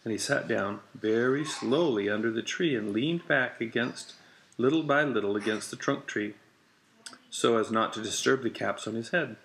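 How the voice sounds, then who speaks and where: A man reading a children's picture book aloud with a slow, deliberate, repetitive storytelling cadence. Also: mid-range voice, fairly bright tone, slight background noise.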